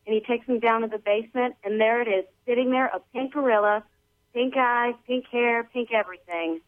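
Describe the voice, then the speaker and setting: A woman's voice: on the high side, fairly quick. A woman calling in by phone, telling a long joke in a casual, rambling way full of slang. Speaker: caller. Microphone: telephone. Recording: thin phone line.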